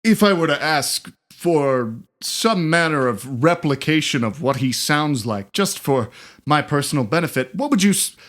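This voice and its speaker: Man as stuffy alien anchorman, formal, a bit high-pitched. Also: moderate pace. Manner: formal, pompous, deadpan. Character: pompous mustached male alien news anchor. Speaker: radio news anchor. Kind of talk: comedy audio drama.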